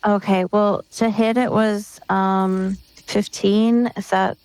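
A woman playing a tabletop role-playing game, asking about the rules in a casual, unhurried way. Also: medium pitch, flat delivery, darkish tone, smooth, low-quality recording. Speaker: player.

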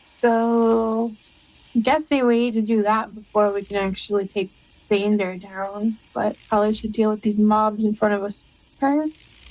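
A woman's voice: medium pitch, a little mellow, low-quality recording. Woman player thinking aloud. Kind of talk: casual tabletop play.

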